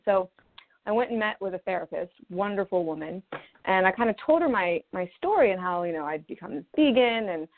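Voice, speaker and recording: A woman's voice: mid-range voice, animated, a little fast. A woman in her thirties from Maryland, a naturopathic doctor telling her own story in a chatty interview, acting out quotes as she goes. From Maryland, USA. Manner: chatty, with quoted asides and laughs. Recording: phone-line sound.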